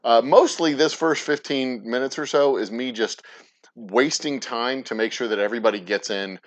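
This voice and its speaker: A man's voice: mid-range voice, normal speed. A man hosting a distillery livestream, rambling casually, cursing and stumbling over his words. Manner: rambling, profane, stumbles and restarts often. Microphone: plugged-in mic at the desk.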